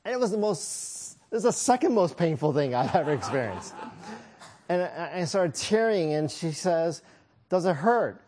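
A man's voice: on the high side, very animated, normal speed, a little mellow. A man preaching a sermon, telling a personal story with self-deprecating humor and frequent chuckles.

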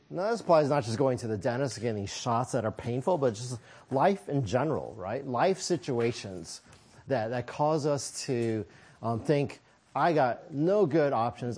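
A man's voice: a little high, dark tone. A man preaching a sermon, telling a personal story with self-deprecating humor and frequent chuckles.

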